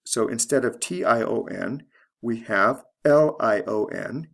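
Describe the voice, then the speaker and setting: A man teaching English pronunciation, saying words slowly and deliberately and repeating them for practice. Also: mid-range voice, creaky. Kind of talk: pronunciation lesson.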